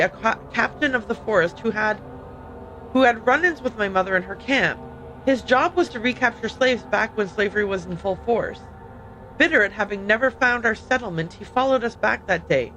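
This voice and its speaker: A woman's voice: mid-range voice, sharp tone, rough recording. A woman reading out a grieving young freed woman. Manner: plain, upbeat reading tone. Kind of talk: reading game dialogue aloud in her own voice.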